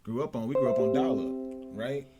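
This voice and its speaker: A man's voice: medium pitch, normal speed, over loud music. A man hosting a podcast, chatting easily and reading a news story aloud. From Chicago. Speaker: podcast host.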